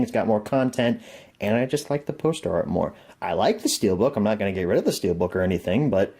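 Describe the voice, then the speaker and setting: A man's voice: medium pitch, warm tone. A young man hosting a home media review vlog, chatting casually about disc packaging and joking at his own expense. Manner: chatty, self-deprecating, thinks aloud.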